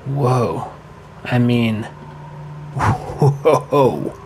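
A laid-back teenage rocker slacker in an audio drama, voiced by a man, easygoing and full of dude and bro. His voice sits at an ordinary middle pitch, relaxed and unhurried. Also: noisy background. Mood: storytelling.

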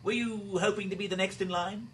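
An actor playing a smug, sharp-witted male doctor held captive, arch and theatrical. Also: sits high, fairly even intonation, a little fast, far from the mic. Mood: mocking.

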